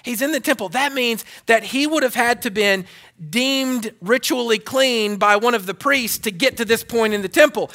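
Male pastor, high voice, bright tone, sermon, repetitive emphatic preaching. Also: moderate pace. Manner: preaching with repetition, rising to loud emphasis and dropping to hushed tones.

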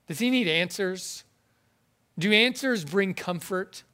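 A man preaching a sermon in an earnest, halting way, often repeating words as he goes. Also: sits high, expressive, bright, forceful tone. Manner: earnest, halting, with frequent word repetitions.

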